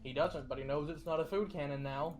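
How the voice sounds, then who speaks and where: A man with a slightly high voice runs a tabletop game as game master, walking the players through initiative and attacks. He talks in loose, rambling narration full of fillers and self-corrections, with faint music playing underneath. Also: fairly even intonation, fairly quick. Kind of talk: running a tabletop game over voice chat.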